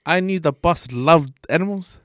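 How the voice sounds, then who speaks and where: A man's voice: a little high, moderate pace, a bit bright, no echo. Podcast co-host, man, casual storyteller, swears a lot, dry close sound. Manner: swears freely, tells stories acting out quotes. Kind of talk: casual chat.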